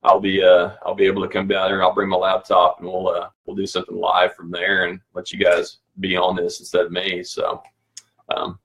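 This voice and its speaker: A man's voice: low-pitched, completely flat delivery, brisk, a bit bright, breathy edge. A man hosting a weekly cycling update livestream, talking in a casual, rambling, easygoing way and chuckling now and then.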